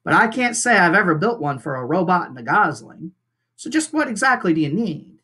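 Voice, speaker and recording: A teacher reading aloud and voicing a grumpy, stubborn male beaver who mutters in a lower, quieter voice. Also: big pitch swings, fairly quick, breathy edge, exaggerated voice.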